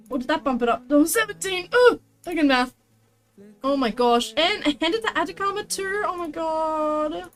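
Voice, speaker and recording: High-voiced, chatty woman streamer. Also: a bit bright. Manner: chatty, exclamatory, reads chat aloud. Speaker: streamer crafting a costume tail. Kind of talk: casual livestream chat while working.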